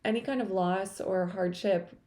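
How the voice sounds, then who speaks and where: A woman host speaking softly and thoughtfully to camera, a little emotional, with many casual fillers. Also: mid-range voice, fairly even intonation, moderate pace. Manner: soft, thoughtful, with frequent fillers. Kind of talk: reflective personal talk to camera.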